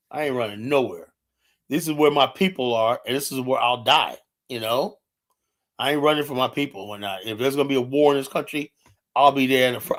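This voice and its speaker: A man's voice: medium pitch, a bit bright. Man, live streamer, confrontational and profane, casual heated talk with filler-heavy delivery. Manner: fillers like "you know" throughout.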